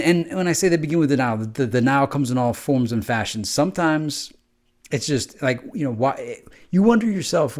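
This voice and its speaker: A man's voice: mid-range voice, a little mellow. A man hosting a podcast, talking in a rambling, conversational monologue and acting out quoted exchanges. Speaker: podcast host. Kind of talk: casual monologue.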